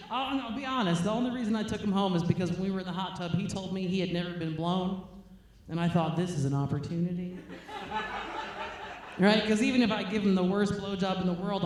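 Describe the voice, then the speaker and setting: A woman's voice: lowish voice, noisy background. Woman, stand-up comic, crude, blunt, roomy live venue. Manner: crude, blunt and self-mocking; laughs between lines. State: nursing a baby on stage. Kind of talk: stand-up set. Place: comedy stage, roomy venue.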